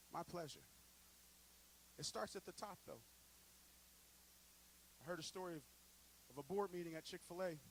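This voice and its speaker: High, bright preacher man. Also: a little hiss or hum, low-quality recording. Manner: storytelling, building to loud preaching peaks. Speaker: pastor. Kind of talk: sermon. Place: church sanctuary.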